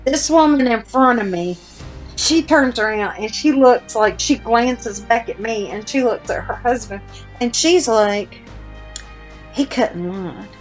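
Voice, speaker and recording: A woman's voice: a little high, unhurried, soft background music. A woman podcast host telling a long story in casual chat, blunt and self-deprecating, with casual swearing.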